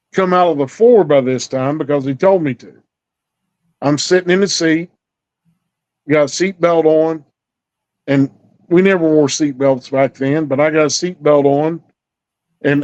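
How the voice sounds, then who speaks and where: A man's voice: fairly high pitch, a little slow, long pauses, a little mellow. A middle-aged man telling a story in a folksy, drawling way, acting out the dialogue. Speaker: storyteller guest. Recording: dull lo-fi recording.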